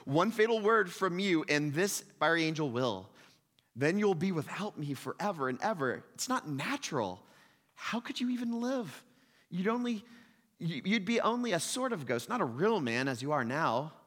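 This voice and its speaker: A man voices a small lizard creature that pleads and wheedles, its voice pitched up and pushed louder than the storyteller's own. The sound rings with a long hall reverb. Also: big pitch swings, normal speed. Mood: pleading.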